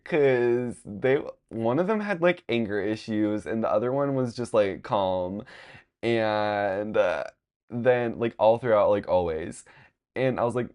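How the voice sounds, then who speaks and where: A man's voice: on the low side, slow pace, a little mellow, clear, resonant tone. A young man from Long Beach, California, telling a personal story in a casual, rambling way, with many fillers and frequent swearing. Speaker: podcast host.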